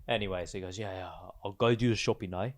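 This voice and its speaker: Man, lowish voice, podcast co-host, casual storytelling, laughs often. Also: fast. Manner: animated storyteller, laughs often, drops to low mutters.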